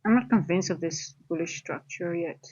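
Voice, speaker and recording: A woman's voice: on the low side, normal speed, darkish tone, husky, muffled recording. A woman trading coach giving chatty live-stream market commentary, thinking aloud as she reads the charts.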